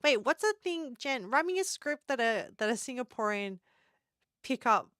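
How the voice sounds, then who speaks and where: A woman's voice: a little high, big pitch swings, moderate pace, a bit bright, smooth, no echo, studio quality. A woman hosting a casual live stream, chatting and constantly breaking into giggles.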